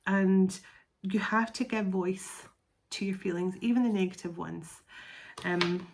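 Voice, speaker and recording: A woman's voice: mid-range voice, fairly even intonation, measured pace. Chatty middle-aged woman reading tarot. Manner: rambling, chatty, laughs often, restarts phrases. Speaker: tarot reader. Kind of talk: casual spoken tarot reading.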